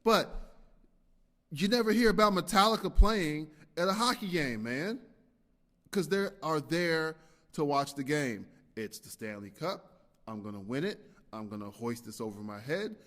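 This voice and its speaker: A man hosting his own podcast, rambling and animated, swinging between loud rants and quiet muttered asides. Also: a little high, measured pace. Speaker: podcast host. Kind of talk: casual solo podcast monologue. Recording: long reverb from a hall-like room.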